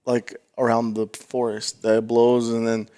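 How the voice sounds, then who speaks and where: A man's voice: medium pitch, monotone, measured pace, mellow. A man in casual podcast chat, rambling and hesitant, filling with "like" as he asks questions. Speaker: podcast co-host.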